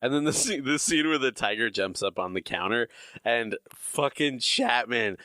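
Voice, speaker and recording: A man's voice: mid-range voice, expressive, moderate pace, sharp tone, dry recording, studio quality. A man co-hosting a casual podcast, chiming in with wry jokes about a TV episode. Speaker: podcast co-host.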